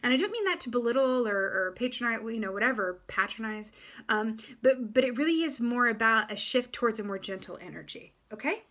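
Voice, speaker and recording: A woman giving a casual, gentle tarot reading to her viewers, reflective and full of fillers and restarts. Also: on the high side, animated, brisk, hardly any pauses. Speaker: tarot reader.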